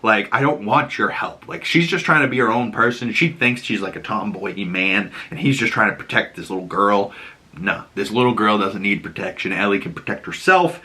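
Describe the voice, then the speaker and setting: A man hosting a casual TV episode breakdown, talking excitedly in a rambling way and cracking crude jokes, with a Boston accent. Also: fairly low pitch, a little fast. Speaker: video host.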